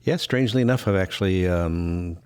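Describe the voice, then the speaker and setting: A man's voice: low-pitched, brisk, a little mellow, clean tone. A middle-aged man co-hosting a podcast, chatting casually, rambling through stories and chuckling often. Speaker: podcast co-host, voice actor. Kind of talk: casual chat.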